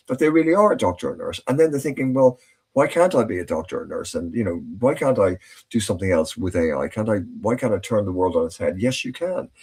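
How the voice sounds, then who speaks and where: A man's voice: sits low, warm tone. A man hosting a casual podcast chat, telling anecdotes in a chatty way with many restarts. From Ireland. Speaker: host.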